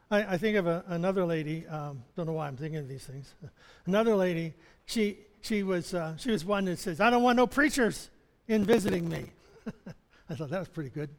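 In a long, reverberant hall, a male chaplain delivers a sermon full of personal stories in a loose, conversational manner. His voice is on the high side and darkish, moving at a moderate pace with frequent pauses, and he chuckles often and stumbles into restarts.

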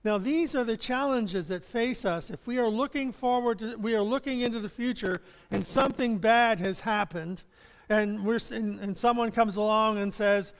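Male pastor, conversational sermon delivery, higher voice, recorded in a reverberant hall. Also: normal speed, clear, resonant tone. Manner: conversational preaching with chuckles and restarts.

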